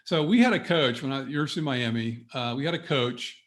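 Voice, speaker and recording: A middle-aged man coaching business owners on a webinar, talking straight to his audience in an energetic, motivational way. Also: mid-range voice, fast talker. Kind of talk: webinar presentation.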